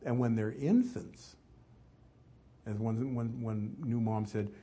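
A man preaching a sermon, reading scripture aloud and asking the listeners questions, swinging from loud emphasis to hushed asides. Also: medium pitch, steady tone, slow pace, breathy edge. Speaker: pastor.

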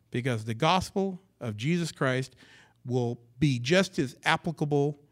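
Guy preaching in a church, middle-pitched voice, goes loud and punchy then drops way down soft. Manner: dynamic preaching, swinging from loud emphasis to hushed low lines. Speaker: pastor. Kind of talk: sermon. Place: church sanctuary.

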